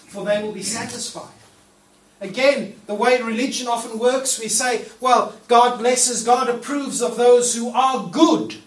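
A man's voice: high voice, fairly bright tone. A man preaching a sermon in a church hall. He talks in a casual, playful way and acts out the prayers he quotes. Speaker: pastor. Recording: echoey room, mic at a distance, faint noise.

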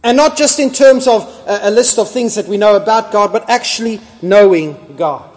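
High-voiced pastor in an echoing hall. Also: male voice, moderate pace. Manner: animated, emphatic, building to near-shouting. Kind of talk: sermon. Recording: long hall reverb.

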